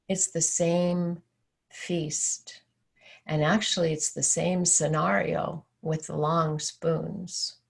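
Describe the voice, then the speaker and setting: A woman spiritual teacher delivers a sermon in an unhurried, measured way. Her voice sits low and carries a gravelly edge. She tells her story calmly, like someone at ease with it. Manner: calm storytelling.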